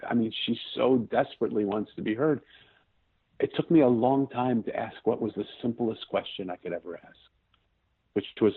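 A man's voice: mid-range voice, a little fast, husky. A man in his fifties, an interview guest, telling a personal story in an earnest way, often restarting sentences as he searches for words. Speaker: podcast guest. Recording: tinny phone-like line.

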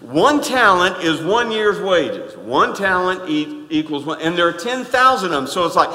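A man preaching a sermon in a folksy, emphatic way, dropping to quiet asides and then rising to loud stresses. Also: high-pitched, sing-song, moderate pace. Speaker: pastor. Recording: echoey hall with long reverb.

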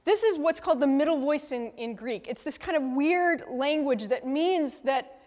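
A woman's voice: high-pitched, animated, moderate pace, darkish tone. A woman leading a conversational Bible study, thinking aloud and asking the group questions with a frequent "right?". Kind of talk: conversational scripture teaching. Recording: long reverb from a hall.

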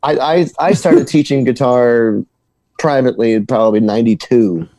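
A musician tells stories in a relaxed interview, tripping over words and restarting his sentences. His voice sits at an ordinary pitch and sounds dry and close. He talks like a regular guy swapping stories. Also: no room sound. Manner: halting, repeats words, laughs while telling stories. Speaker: guitar teacher and musician. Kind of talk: casual interview storytelling.

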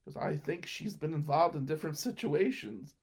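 A man's voice: fairly high pitch, normal speed, darkish tone, breathy edge. A young man telling a rambling personal anecdote and laughing between lines. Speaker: storyteller. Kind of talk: casual anecdote.

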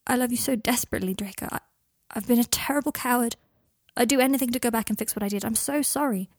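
A woman's voice: medium pitch, fairly even intonation, fairly quick, breathy edge, dry recording, clean studio sound. Woman reading a remorseful, pleading young man. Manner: pleading, hushed, earnest.

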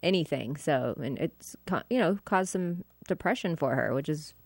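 A woman's voice: sits low, expressive, moderate pace, no echo. Matter-of-fact woman talk-show co-host. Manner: matter-of-fact, correcting others. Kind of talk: casual chat and news reading.

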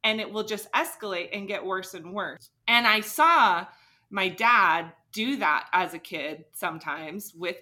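A young woman co-hosting a podcast, telling a personal story in a lively way and acting out the quotes. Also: medium pitch, measured pace. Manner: animated, acts out quotes. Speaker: podcast co-host, daughter. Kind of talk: casual storytelling.

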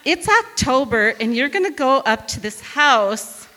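In a large hall, a high-voiced woman speaks a little slowly as she shares a funny story from her own life. She's from northern Wisconsin, and she's lively with her audience, performing the voices of everyone she quotes.

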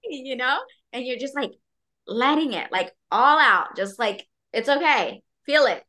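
Bright, expressive chatty woman. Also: sits high, measured pace. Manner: expressive, heavy filler words, acts out quotes. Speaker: podcast guest. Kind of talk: candid casual conversation.

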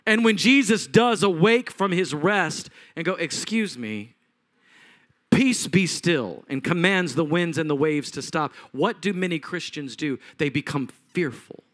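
A man preaching from the pulpit in a fairly high voice. He tells the story with animated swings, rising loud and then dropping to a hush. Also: moderate pace, few pauses. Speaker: pastor. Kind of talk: sermon.

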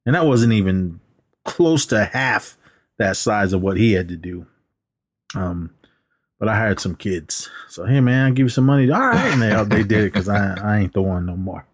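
Animated man retelling movie scenes. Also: lowish voice, moderate pace, breathy edge. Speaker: podcast co-host. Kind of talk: casual movie chat.

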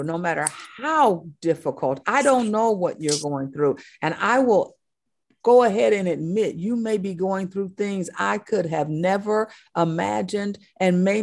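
A woman's voice: medium pitch, a little mellow. A woman preaching a sermon, impassioned, driving her points home with emphatic repetition.

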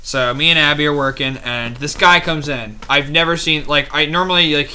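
A young man chatting casually on a podcast, telling animated work stories and jumping into high voices to quote people. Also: normal speed, a little hiss or hum. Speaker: podcast co-host. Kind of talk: casual chat.

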